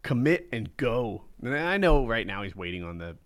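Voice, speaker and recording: A man's voice: mid-range voice, big pitch swings, normal speed, a bit bright. A laid-back man in a casual podcast chat. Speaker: podcast co-host.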